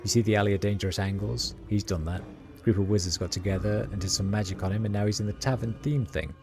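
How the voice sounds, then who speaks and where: A man's voice: fairly low pitch, fairly even intonation, quick pace, vocal fry. A man streaming a game, reading its dialogue and narration aloud in his own casual voice, with ums and uhs. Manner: reads every part in his own plain voice, with fillers. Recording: music playing behind.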